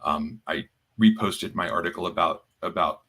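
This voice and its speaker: Bright-voiced man chatting on a podcast. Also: deep voice, creaky, breathy edge. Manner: halting, many fillers and restarts. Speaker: podcast co-host. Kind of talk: casual chat.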